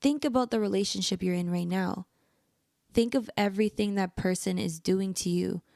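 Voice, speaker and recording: A woman's voice: mid-range voice, creaky, a little mellow, dry recording, studio quality. A young woman hosting a podcast, earnestly giving relationship advice straight to the listener in an encouraging way. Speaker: podcast host. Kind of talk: personal advice monologue.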